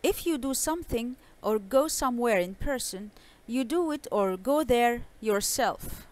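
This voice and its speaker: A young woman teaching an online English lesson, speaking slowly and clearly and reading dialogues aloud with marked intonation. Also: on the high side, animated.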